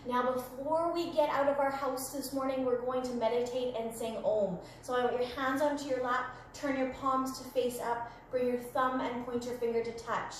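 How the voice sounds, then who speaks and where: High-voiced woman guiding kids' yoga. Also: steady tone, moderate pace, hardly any pauses. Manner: gentle, playful step-by-step instructions. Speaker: family yoga instructor. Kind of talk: guided children's yoga class. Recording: very echoey room, faint background noise.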